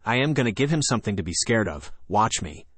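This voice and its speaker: Male horror narrator, lower voice, steady scripted read, dry close sound. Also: fast, breathy edge, no room sound.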